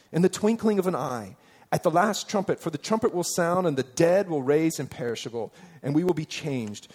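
Man preaching with a higher voice. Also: a little mellow. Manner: conversational, asks the listeners rhetorical questions; reads scripture aloud with emphasis. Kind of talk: sermon.

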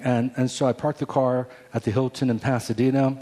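A man's voice: medium pitch, flat delivery, fairly quick, dark tone. A man in his forties, a pastor, earnestly telling a personal story in a sermon. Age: 40s. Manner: earnest storytelling with many restarts. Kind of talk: sermon testimony.

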